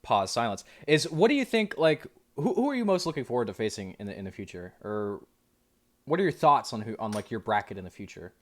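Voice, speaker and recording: A man's voice: mid-range voice, big pitch swings, a little fast. An American man casting an esports match, asking a player rambling questions with many restarts and jokes. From United States. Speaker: esports caster interviewing a player. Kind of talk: casual esports interview.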